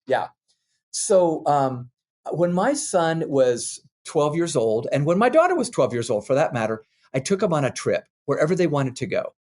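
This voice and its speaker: An older man, a parenting expert, telling earnest, animated anecdotes as a guest in a candid interview. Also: fairly high pitch, moderate pace.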